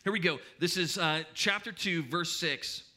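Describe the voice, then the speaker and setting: Bright-voiced male pastor, animated storytelling. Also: fairly high pitch, measured pace. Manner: animated storytelling with hesitant restarts. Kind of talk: sermon. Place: church.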